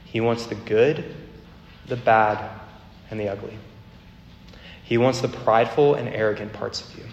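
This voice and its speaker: A man preaching a sermon as a campus minister, earnest, with a repetitive cadence that slows down for emphasis. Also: fairly low pitch, lo-fi sound, a little hiss or hum. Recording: echoey hall, faint ambience.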